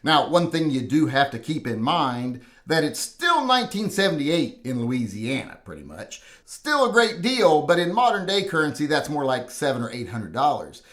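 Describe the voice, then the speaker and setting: A man's voice: fairly high pitch, huge pitch swings, moderate pace, hardly any pauses, fairly bright tone. A middle-aged man hosting a gun channel, giving humorous voice-over commentary on viewers' carry guns with dry, teasing sarcasm.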